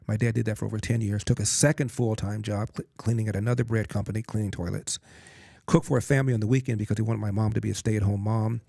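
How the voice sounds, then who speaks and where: A man in his sixties speaks as a guest with a low, gravelly voice and a quick pace. He tells a personal story earnestly and with emphasis. The sound is dry and close. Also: steady tone, dark tone, no room sound. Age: 60s. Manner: earnest, emphatic storyteller who acts out quotes.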